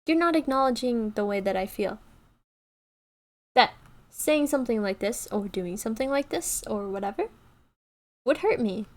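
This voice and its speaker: A woman YouTube creator giving casual, earnest advice to her viewers, often checking in with "okay" and "right" and restarting her sentences. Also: high voice. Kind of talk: casual advice talk to camera.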